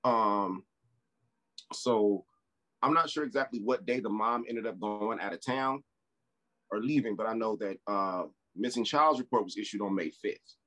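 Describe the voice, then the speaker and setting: A man co-hosting a casual podcast, his voice sitting a little low. He tells a story in a loose, unhurried way, pausing on fillers and circling back as he goes. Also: fairly bright tone. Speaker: podcast co-host.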